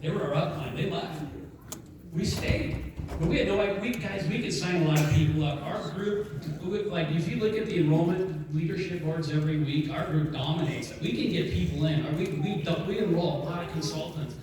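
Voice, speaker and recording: A man giving an energetic motivational talk to an audience, telling stories and acting out both sides of a conversation. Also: on the high side, brisk. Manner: energetic storytelling, acts out dialogue. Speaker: network marketing speaker. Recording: echoey hall, mic from a distance.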